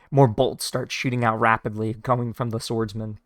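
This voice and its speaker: A man casually reading a comic aloud, describing the panels in an informal, halting way with many fillers. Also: lowish voice, little pitch movement, dry recording. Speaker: read-along narrator. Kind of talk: casual read-along of a comic.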